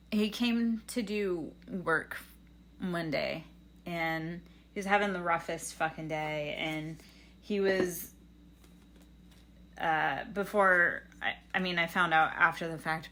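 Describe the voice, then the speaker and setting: A woman's voice: lowish voice, sharp tone, slight background noise. A young adult woman on a livestream reading tarot, telling a rambling, earnest story full of fillers and advice. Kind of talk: casual chat.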